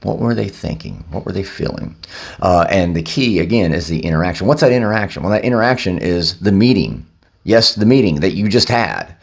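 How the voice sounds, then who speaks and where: A low-voiced man talking casually to his own camera about recovery. His pitch rises and falls widely as he tells the story. He speaks loosely, with plenty of "uh" and "um". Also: animated, fairly quick, creaky. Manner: conversational, loose, with many fillers. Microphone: handheld camera.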